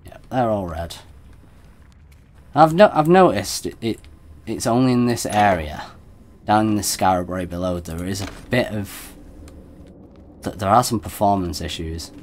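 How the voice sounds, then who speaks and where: Chatty man with a low voice. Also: animated, a little slow. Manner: chatty, self-deprecating, laughs easily. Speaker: game streamer. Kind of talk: let's play commentary.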